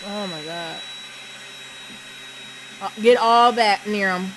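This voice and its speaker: A woman's voice: mid-range voice, slow, background noise. A woman co-hosting a podcast at home, shrieking and swearing in panic during casual chat. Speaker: podcast co-host.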